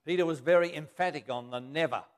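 A man with a fairly high voice preaching a sermon. He reads scripture aloud, then stops to explain it in plain, everyday words. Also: fast talker.

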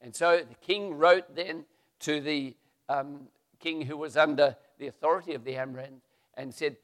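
A man retelling a Bible story as a preacher, lively and acting out the voices. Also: on the high side, moderate pace, big-room sound.

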